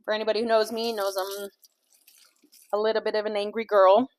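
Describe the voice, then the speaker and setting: A woman's voice: medium pitch, little pitch movement, fairly quick. A woman vlogger and life coach in a home kitchen, rambling candidly through a casual chat full of fillers and swearing. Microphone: small clip-on mic.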